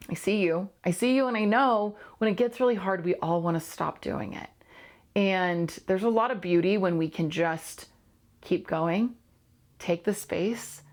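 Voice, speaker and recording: A woman's voice: medium pitch, expressive, moderate pace. A woman who hosts a coaching channel, talking candidly and earnestly to camera, repeating phrases for emphasis. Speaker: host and coach. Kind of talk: candid solo monologue to camera.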